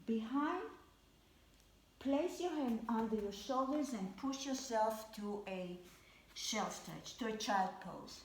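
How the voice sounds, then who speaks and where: A woman guides a Pilates class at home, giving calm, repeated cues for every movement. She talks slowly with a slightly high voice. The room around her is echoey. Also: slight background noise. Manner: calm, repetitive cueing with counts. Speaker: Pilates instructor. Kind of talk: live exercise class instruction.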